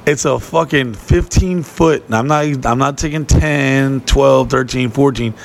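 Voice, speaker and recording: A man telling long, profane stories in casual podcast chat, rambling and animated. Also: mid-range voice, moderate pace, gravelly.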